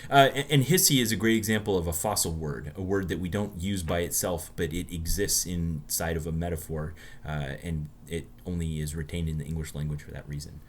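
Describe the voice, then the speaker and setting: Deep-voiced American man telling stories. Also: brisk, hardly any pauses, a little hiss or hum. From United States. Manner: chatty storyteller, many restarts. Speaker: podcast co-host. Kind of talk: casual chat.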